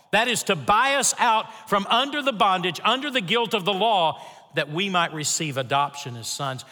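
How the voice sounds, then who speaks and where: An older man preaching a sermon, reading scripture and telling a personal story with earnest, animated delivery. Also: a little high. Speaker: pastor. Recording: long reverb of a large hall.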